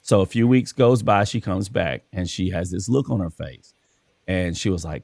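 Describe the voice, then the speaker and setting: A man's voice: low voice, normal speed, vocal fry, darkish tone, no room sound. A man hosting a casual conversation, telling stories from his work as a coach and acting out the dialogue. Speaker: podcast host and school coach.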